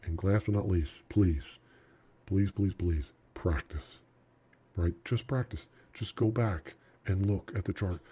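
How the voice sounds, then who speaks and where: Low husky man teaching trading. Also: takes it slowly. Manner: animated, emphatic, talks straight to the viewer. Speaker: trading instructor. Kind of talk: recorded teaching session over charts.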